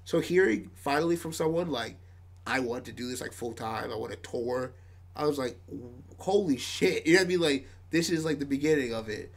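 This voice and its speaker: Band guy on a podcast, kinda gravelly, rambles w lots of likes and laughs. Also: medium pitch, a little fast. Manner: rambling, many "like"s, laughs often. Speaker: podcast guest, band member. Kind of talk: casual storytelling.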